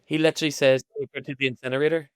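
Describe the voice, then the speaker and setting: A man's voice: on the high side, flat delivery, very fast, smooth, dry recording, studio quality. A man co-hosting a podcast in casual chat, playful and jokey. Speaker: podcast co-host.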